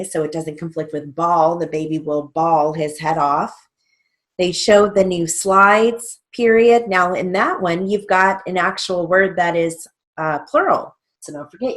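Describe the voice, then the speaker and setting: A woman teaching a stenography theory lesson, dictating practice sentences and spelling out letters with slow care. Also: low voice.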